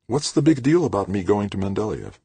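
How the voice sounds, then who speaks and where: A man voicing a stubborn, quick-tempered young woman astronomer in an audiobook, indignant and defiant. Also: sing-song, dark tone, breathy edge, no echo, full character voice. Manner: indignant, defiant, rising to shrill outbursts. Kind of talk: audiobook character voice.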